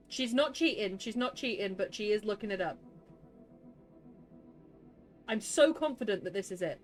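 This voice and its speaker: A woman streaming a game live, grumbling and exasperated, quick to laugh at herself. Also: mid-range voice, expressive, faint music behind.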